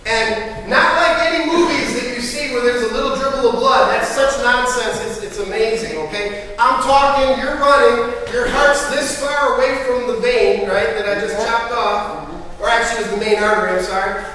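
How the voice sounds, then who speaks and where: A man giving his testimony as an evangelist, telling his story in an animated, emphatic way. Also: very high-pitched, moderate pace, a little hiss or hum. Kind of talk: preached testimony. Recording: echoey hall, voice from far off.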